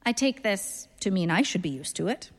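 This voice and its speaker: A woman in her thirties reads her story in a dry, deadpan voice at a medium pitch. Her delivery stays understated and wry. A long reverb hangs around her, as if read in a hall. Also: normal speed. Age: 30s. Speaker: narrator, reader. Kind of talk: literary story reading.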